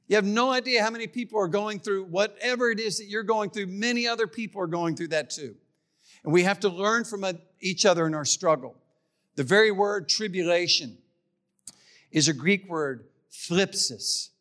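Emphatic male preacher, slightly high voice. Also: moderate pace, a bit bright. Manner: emphatic, repeats key phrases, stumbles on words. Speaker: pastor. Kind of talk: sermon. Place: church.

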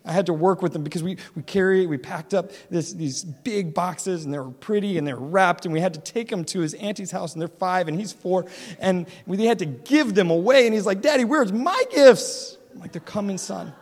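A man in his thirties preaching a sermon, telling a family story with lively acted-out dialogue and frequent laughs. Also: high-pitched, a little fast. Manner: animated storytelling, acts out dialogue, laughs often. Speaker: pastor. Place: church hall. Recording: hall with long reverb.

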